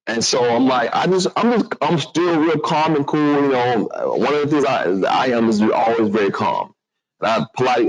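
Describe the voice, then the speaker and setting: A man telling a personal story to an audience in a lively, animated way. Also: medium pitch, brisk, low-quality recording. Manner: animated, acts out other voices, restarts a lot.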